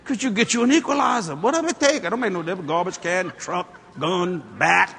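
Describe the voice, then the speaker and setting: A man preaching a sermon through a story, acting out the people in it and working up to loud shouts. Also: sits high, brisk, vocal fry. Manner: animated, acts out the people in his stories, climbs to shouting.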